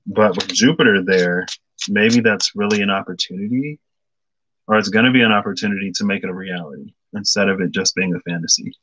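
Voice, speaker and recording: A man's voice: on the low side, brisk, fairly bright tone, rough recording. A man giving a casual tarot reading to viewers, thinking aloud with many fillers and stopping to greet commenters by name. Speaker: tarot reader.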